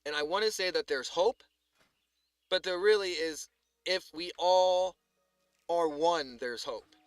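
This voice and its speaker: A man talking casually on a live stream, rambling with lots of filler words and swearing, sometimes quiet and sometimes heated. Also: fairly high pitch, takes it slowly, dry recording, faint music behind. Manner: swings from subdued to heated ranting.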